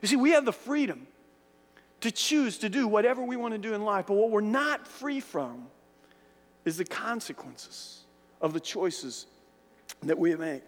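A man's voice: sits high, animated, measured pace, pauses often. A man preaching a sermon, earnest and repetitive, sometimes acting out other people's words. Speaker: pastor. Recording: long hall reverb.

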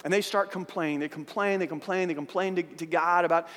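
A man with a very high voice preaching in a church hall, his words trailing into a long reverb. He tells a Bible story in an animated way, restarting and repeating words as he goes. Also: fairly quick. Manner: animated storytelling, acting out voices of biblical figures. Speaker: pastor. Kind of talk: sermon.

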